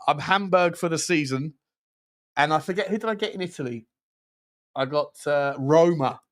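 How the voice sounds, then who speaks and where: A man's voice: fairly high pitch, moderate pace. Give me a man hosting a football channel, rambling and joking through a casual livestream chat. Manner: rambling and jokey, lots of restarts.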